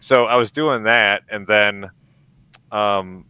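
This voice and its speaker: A man guesting on a podcast from his home basement over a video call, easygoing and quick with short affirmations. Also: on the low side, pushed and bright, clear, resonant tone, no room sound. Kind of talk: casual conversation.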